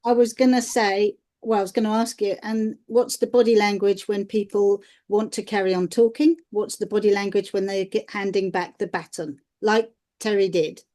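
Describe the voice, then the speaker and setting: A woman hosting a relaxed podcast conversation. She is chatty and quick with her questions, at an ordinary middle pitch for a woman. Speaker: podcast host. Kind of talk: casual podcast chat.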